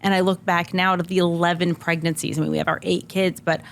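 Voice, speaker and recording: A middle-aged woman, a guest on a podcast, shares a personal story in candid, conversational fashion. Her voice sits on the low side and is creaky, with a flat delivery and a fast pace. She is earnest and emotional, and she says "like" a lot.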